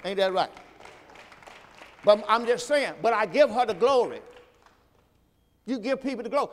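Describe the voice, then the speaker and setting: Preacher, man, high voice, call-and-response sermon, church hall reverb. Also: animated, moderate pace, pauses often. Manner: rises in pitch and volume when stressing a point. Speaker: pastor; host. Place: church sanctuary.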